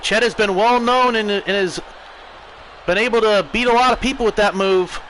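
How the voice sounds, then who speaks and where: Excitable American man calling wrestling. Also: sits high, normal speed, a little hiss or hum, poor audio. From United States. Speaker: streamer. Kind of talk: wrestling play-by-play commentary.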